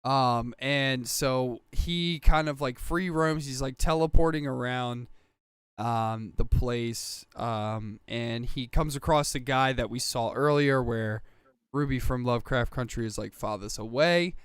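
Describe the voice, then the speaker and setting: A man's voice: mid-range voice, a little slow, smooth, no echo. A man casually recapping a TV episode on a podcast, rambling with fillers and acting out quoted lines. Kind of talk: casual chat.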